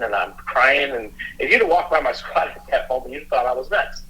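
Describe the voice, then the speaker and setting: A middle-aged man, a police officer, telling a personal story in a halting, earnest way, often restarting his sentences. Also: medium pitch, animated, pushed and bright, poor audio. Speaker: police officer and youth mentor, guest.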